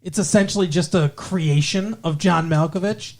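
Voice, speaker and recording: A man's voice: sits high, moderate pace, a little mellow. A man co-hosting a casual movie podcast, rambling and digressive, often correcting himself mid-sentence. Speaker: podcast co-host.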